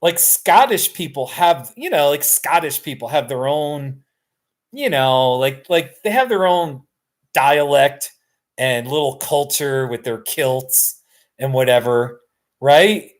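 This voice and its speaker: Slow and a little high, with lively intonation, a weary middle-aged American hosts an informal live stream from his couch at home. He rambles on, self-deprecating, often breaking into laughter.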